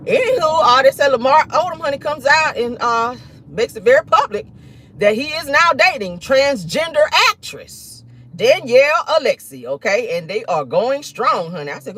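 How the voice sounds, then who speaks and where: A man's voice: extremely high pitch, very animated, fairly quick, sharp tone, slightly rough. A man hosting a casual celebrity gossip show, sassy and profane, laughing often and calling his viewers "y'all" and "honey".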